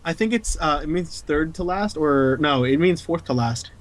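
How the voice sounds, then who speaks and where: A young man co-hosting a podcast, making quick dry wisecracks in casual chat. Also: on the high side, expressive. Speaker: podcast co-host.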